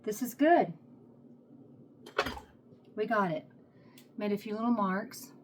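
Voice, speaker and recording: A woman's voice: medium pitch, slow, noisy background. A woman with a Texas accent chatting casually while she cooks at home, thinking aloud as she works, recorded on a phone set on a tripod. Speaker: home cook vlogger. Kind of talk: casual cooking vlog chat. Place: home kitchen.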